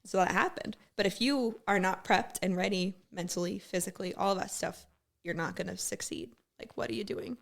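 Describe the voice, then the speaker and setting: A woman's voice: medium pitch, steady tone, normal speed, gravelly. A woman, a former military gunner, telling blunt, profane stories in a casual podcast chat. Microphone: studio podcast mic.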